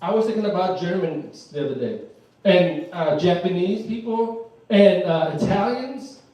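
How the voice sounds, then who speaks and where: A man's voice: high voice, lively intonation, a little slow, mellow. A man doing live stand-up comedy, rambling and laughing at his own jokes, in front of an audience. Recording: echoey room, mic far off.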